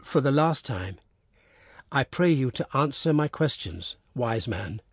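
A man's voice: medium pitch, animated, unhurried, husky, dry recording, studio quality. A man voicing an earnest king who presses his questions in a storybook reading. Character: earnest male king seeking answers.

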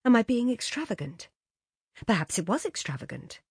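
A woman's voice: very animated, moderate pace, a little mellow, slightly rough, no room sound, studio quality, full character voice. A woman voicing a breathless pleading young woman. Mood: wondering. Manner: high, breathless, urgent pleading.

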